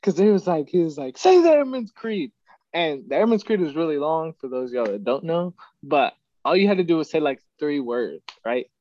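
Male podcast host, casual storyteller, lively swinging delivery, laughs a lot, dry dull lo-fi recording. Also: on the high side, a little fast, few pauses, no echo. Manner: animated storyteller, laughs often. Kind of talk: casual chat.

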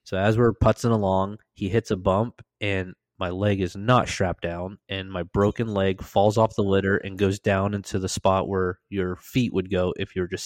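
Male podcast host, lowish voice, dry close sound, lively profane storyteller. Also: no room sound. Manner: animated, profane, acts out quoted lines. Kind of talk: casual storytelling.

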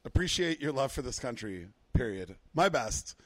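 A man talks in a casual podcast chat, excitable and quick to laugh. He swears freely and throws himself into the conversation. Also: mid-range voice, no room sound. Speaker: podcast co-host.

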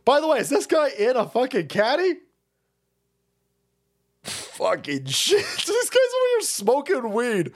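A man's voice: extremely high pitch, huge pitch swings, a little slow, pauses often. A male streamer giving crude, mocking, profane ranting commentary, laughing often.

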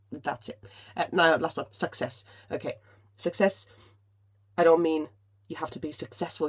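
A Finnish woman hosts a casual solo podcast in a low, husky voice. She's emotional, swears freely and restarts her sentences often.

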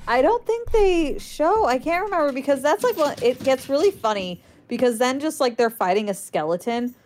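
A woman's voice: high voice, lively intonation, moderate pace, a little mellow, slight background noise. A woman chatting casually about a film and her dogs, laughing often and acting out what people said. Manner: laughing storyteller, acts out quotes. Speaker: podcast guest.

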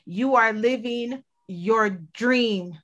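A woman's voice: on the high side, very slow, fairly bright tone. A woman co-hosting a casual faith talk, speaking expressively with a church call-and-response cadence. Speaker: podcast co-host. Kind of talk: casual faith-based chat.

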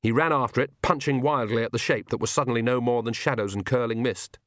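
A man narrates a comic fantasy novel at a middling pitch with measured storytelling. The recording is dry and close, with no room sound. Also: steady tone, fairly bright tone, dry recording. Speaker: audiobook narrator. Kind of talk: scripted narration.

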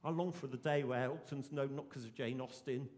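A man's voice: medium pitch, fairly even intonation, a little fast, darkish tone, in a large hall. A man, preaching a sermon in an earnest, emphatic way and repeating his key phrases. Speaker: pastor.

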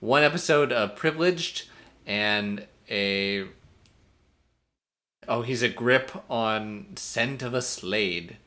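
Bright-voiced chatty podcast man. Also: fairly low pitch, takes it slowly. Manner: chatty, laughs often, reads out facts. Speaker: podcast co-host. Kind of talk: casual chat.

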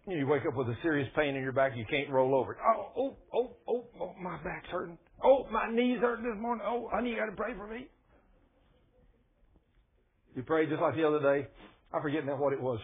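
A man preaching a sermon in a folksy, colloquial way, telling animated personal stories to his listeners. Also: sits high. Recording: tinny phone-like radio broadcast.

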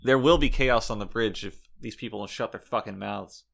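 A man's voice: fairly low pitch, a little fast, creaky, fairly bright tone. A man co-hosting a comedy podcast, ranting in mock indignation and swearing freely. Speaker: podcast co-host. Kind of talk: comedic in-character podcast chat.

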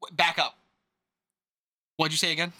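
A young man co-hosting a podcast, chatting casually and teasing his friends with quick jokes. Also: on the high side, completely flat delivery, pushed and bright. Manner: fast, joking, quick to tease. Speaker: podcast co-host. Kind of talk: casual chat.

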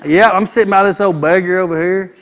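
A man delivers a sermon from the pulpit, his voice sitting notably high for a man. He is emphatic, stacking phrase on repeated phrase to press each point home. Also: fairly even intonation, fairly quick. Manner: emphatic preacher, repeating phrases in building runs. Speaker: pastor.

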